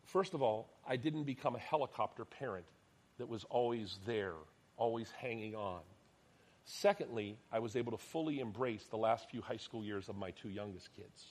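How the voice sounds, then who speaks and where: A middle-aged male pastor delivering a sermon in an animated storytelling way. His voice jumps up loud for emphasis, then drops to a hushed near-whisper. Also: mid-range voice, moderate pace. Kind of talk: sermon with personal stories.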